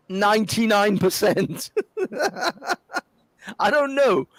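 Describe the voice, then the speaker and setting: A man's voice: on the high side, no room sound. A man, co-hosting a podcast in heated casual chat, swearing and exasperated, often laughing through his points. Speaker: podcast co-host.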